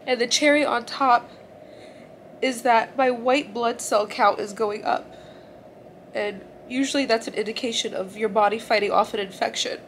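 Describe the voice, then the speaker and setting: A woman's voice: on the high side, steady tone, moderate pace, a bit bright, slight background noise. A young woman vlogging from a hospital room after giving birth, tearful and in pain, rambling with many "like"s. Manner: tearful, rambling, says "like" often. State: crying, in pain after surgery. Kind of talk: emotional personal vlog.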